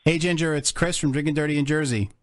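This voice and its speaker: A man's voice: a little high, fairly even intonation, fast talker, dry recording. Guy hosting a podcast, rambles with lots of ums, dry mic. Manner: rambling, many fillers, laughs a lot. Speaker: podcast host. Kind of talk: casual podcast chat.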